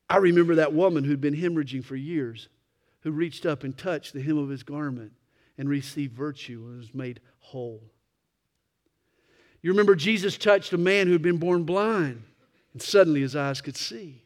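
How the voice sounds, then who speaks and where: A male pastor preaching a morning sermon, swelling to loud emphatic peaks and then dropping to soft, slow phrases. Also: a little high.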